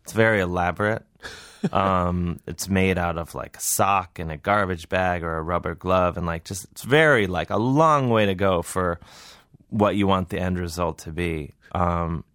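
A comedian tells a rambling, self-deprecating story in a casual interview. His voice is very low, and the recording sounds dry and close. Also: moderate pace, fairly bright tone, no echo. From Cleveland. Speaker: comedian guest.

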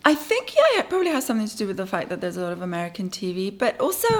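A woman's voice: medium pitch, huge pitch swings, rapid-fire. A young adult woman, from Iran, chatting as a guest on a talk show, laughing easily and joking about herself. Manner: laughs easily, self-deprecating. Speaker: guest actress. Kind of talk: casual interview chat.

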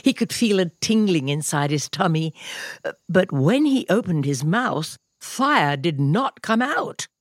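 A woman host reading a picture book aloud to children in a slow, expressive storytelling voice. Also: lowish voice, no echo, clean studio sound. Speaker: children's podcast host and reader. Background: soft music.

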